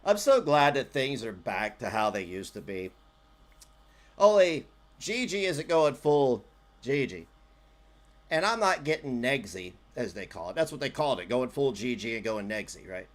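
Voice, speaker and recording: A man's voice: medium pitch, sing-song, moderate pace. Sarcastic rambling male streamer. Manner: rambling and sarcastic, swinging loud and soft. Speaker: streamer commentating on an old clip. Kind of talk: casual profane livestream commentary.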